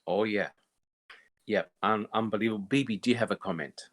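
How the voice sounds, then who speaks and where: A man's voice: on the low side, a little fast, fairly bright tone. A man hosting a casual panel discussion, calling on each panelist in turn and agreeing often with them. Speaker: podcast host.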